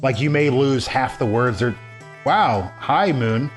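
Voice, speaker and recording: A man's voice: medium pitch, lively intonation, slow pace, soft background music. A man co-hosting a casual gameplay video, rambling and restarting his sentences and reading game text aloud. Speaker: let's play co-host.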